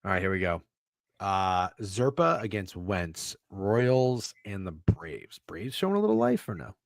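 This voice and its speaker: A man's voice: low-pitched, unhurried, gravelly, dry recording. Swearing man on a betting podcast. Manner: animated, swearing, teasing. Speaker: podcast co-host. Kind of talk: casual sports betting chat. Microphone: video call.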